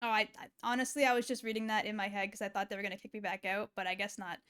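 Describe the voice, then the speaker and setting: A woman's voice: mid-range voice, little pitch movement, racing, fairly bright tone, clear, resonant tone. A woman streaming a game, chatting casually and making joking, profane asides. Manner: chatty, laughing, swearing asides.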